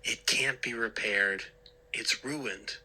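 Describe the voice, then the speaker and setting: A man's voice: on the low side, slow pace, pushed and bright, full character voice, poor audio. A man voicing a stern, angry dad. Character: angry, disappointed father.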